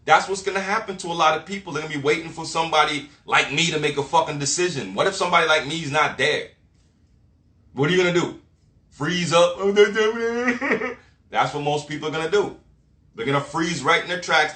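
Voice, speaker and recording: A man's voice: on the high side, bright, forceful tone. A man delivering a blunt motivational rant full of swearing and street slang, lecturing the listener directly. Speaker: motivational vlogger. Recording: echoey room.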